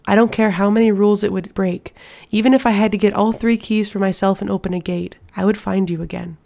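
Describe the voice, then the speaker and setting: A woman's voice: medium pitch, steady tone, fairly quick, gravelly, mellow, lightly acted. A woman doing an anguished protective warrior man. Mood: tender intense.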